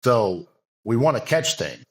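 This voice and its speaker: A man's voice: mid-range voice, very animated, a little slow. A man, a bodybuilding coach, talking earnestly in a casual podcast conversation, with long loose run-on sentences and many fillers.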